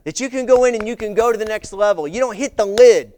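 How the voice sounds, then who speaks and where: A middle-aged man preaching a sermon, telling stories in an animated way and acting out the voices of people he quotes. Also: high-pitched, quick pace. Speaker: visiting pastor.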